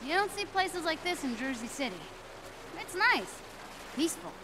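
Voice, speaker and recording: A woman's voice: extremely high pitch, big pitch swings, moderate pace, background noise. A woman voicing a chatty, upbeat teenage girl superhero in a video game. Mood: calm. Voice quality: playful, talkative.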